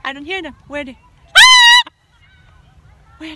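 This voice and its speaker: A woman's voice: high-pitched, moderate pace, long pauses, very noisy. A woman vlogging outdoors in a park, chatting playfully with her pet parrot in baby talk and talking to her viewers.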